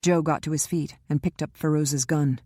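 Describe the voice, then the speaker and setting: A woman narrating a crime thriller audiobook in a steady storytelling manner. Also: sits low, normal speed, dry recording, clean studio sound.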